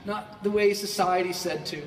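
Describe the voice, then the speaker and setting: A man giving a motivational keynote to a large audience. He swings between quiet reflection and shouted bursts, and he acts out quoted voices. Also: sits high, fairly even intonation, moderate pace, slight background noise. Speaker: motivational speaker. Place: large hall. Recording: echoey hall from far off.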